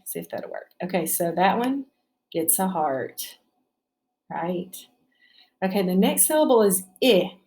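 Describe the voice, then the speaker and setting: A woman's voice: mid-range voice, darkish tone. A woman teacher leading a spelling lesson for children, patiently sounding out each syllable and checking in with "right?".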